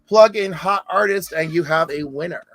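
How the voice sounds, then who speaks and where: A man's voice: on the high side, moderate pace, a bit bright, a little hiss or hum. A man hosting a casual comic book podcast, chatty, rattling off lists of titles. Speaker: podcast host.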